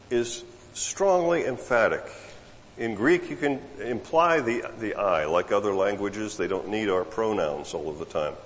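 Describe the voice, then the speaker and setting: A man preaching a sermon, emphatic and repetitive, dropping low and then rising sharply for emphasis. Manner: emphatic, repeats words, swings from low murmur to raised voice. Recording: long hall reverb.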